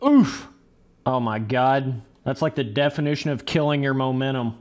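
In this live gameplay commentary, a young man streams a motocross game, his medium-pitched voice steady in tone and moderate in pace. He's casual and profane, addressing viewers as "brother" and "dudes" while muttering race coaching to himself.

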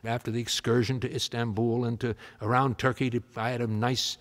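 A man's voice: mid-range voice, flat delivery, a little fast. A man from the United States, a musician, telling a comic tall tale in a rambling, stammering, wry way. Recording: long hall reverb.

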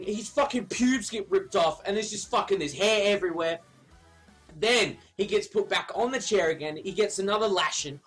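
A man's voice: high voice, animated, normal speed, fairly bright tone, soft background music. Rambling, foul-mouthed guy telling a story. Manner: rambling, profane, laughs at his own story. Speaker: streamer. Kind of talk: casual storytelling on a live stream.

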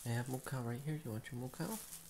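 A young father with a mellow, dark tone, speaking low and gentle. He coaxes patiently, in the quiet, hushed way of a bedtime chat. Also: fast talker, slight background noise. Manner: gentle, patient, softly coaxing. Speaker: father putting child to bed.

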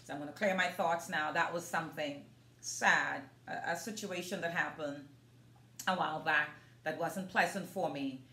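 A woman's voice: low voice, moderate pace, pushed and bright. A woman vlogging in an earnest, casual way, talking straight to her viewers as a motivational vlogger. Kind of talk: casual demonstration vlog. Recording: roomy echo.

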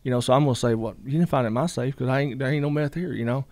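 A middle-aged man tells his story at a quick clip, rambling through fillers and acting out what others said. The recording is close and dry, with no room sound. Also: mid-range voice, a little mellow, no echo. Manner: rambling, many fillers, quotes others in dialogue. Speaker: guest. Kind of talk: casual storytelling.

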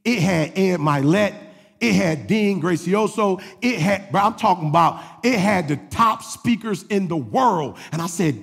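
A man preaching a sermon as pastor, swinging between shouted exhortation and low confiding asides. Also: animated, measured pace, vocal fry, slightly rough, big-room sound.

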